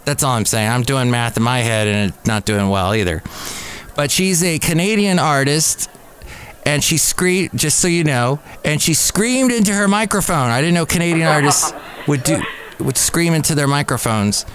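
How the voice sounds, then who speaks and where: A man's voice: on the high side, lively intonation, moderate pace, a bit bright. Rambling man in his fifties hosting a podcast. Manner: rambling, self-deprecating asides. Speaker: podcast host. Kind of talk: casual solo podcast chat. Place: café. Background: faint background music.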